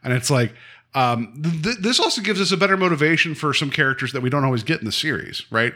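A man's voice: a little high, expressive, fast, sharp tone. A man casually recapping a TV episode with a co-host, rambling with many fillers and acting out quotes. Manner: rambling, lots of fillers, acts out quotes with laughs.

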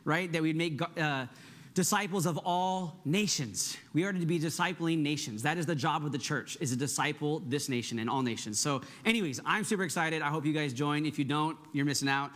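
Brisk and energetic, this middle-aged man delivers his sermon as the church's pastor in a relaxed, conversational way. His voice sits unusually high for a man, and he checks in with the congregation by asking "right?"

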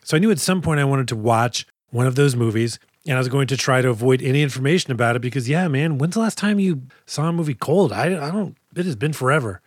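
A man's voice: medium pitch, animated, fast talker, hardly any pauses, breathy edge, no echo, studio quality. A man from the United States hosting a podcast about action movies, joking and rambling in casual chat. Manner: jokey, rambling with restarts. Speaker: podcast host.

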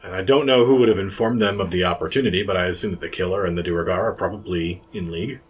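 Very deep male player, measured and dry. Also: slight background noise. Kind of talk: tabletop role-play.

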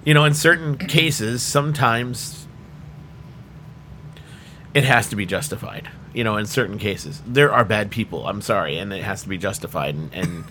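A man hosting a casual podcast chat, animated and laughing often. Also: fairly low pitch, normal speed, slight background noise. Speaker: podcast host.

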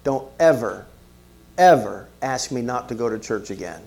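A man quoting his stern, few-worded father in a lower, slow and firm voice. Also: steady tone, close to an everyday voice. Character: stern, terse older father speaking to his son.

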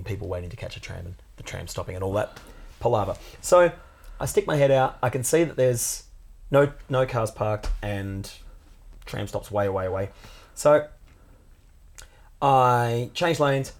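A man who co-hosts a podcast, telling a story in casual chat and swearing now and then. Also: normal speed. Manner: animated, jumps into high put-on voices for quotes, swears casually. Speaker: podcast co-host.

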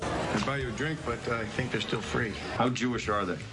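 A man's voice: mid-range voice, fairly even intonation, fairly quick, over loud music, natural voice. An actor playing a witty, hard-drinking older male ad executive, delivering dry sardonic one-liners. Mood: wry.

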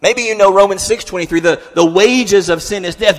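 A man's voice: high-pitched, brisk, few pauses. Earnest preacher man in a reverberant hall. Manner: earnest storytelling with repetitions and restarts. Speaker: pastor. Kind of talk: sermon.

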